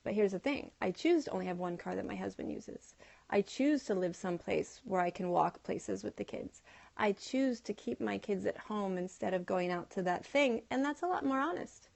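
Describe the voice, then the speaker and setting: A woman's voice: mid-range voice, animated, normal speed, creaky, darkish tone. Earnest woman coaching homeschool parents. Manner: earnest, coaching, acts out little quoted voices. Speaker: homeschooling vlogger. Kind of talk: casual livestream talk. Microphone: phone camera.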